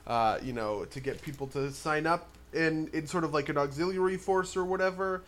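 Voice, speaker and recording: A man game master talking over a tabletop campaign in casual chat, halting and searching for words. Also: fairly high pitch, a bit bright.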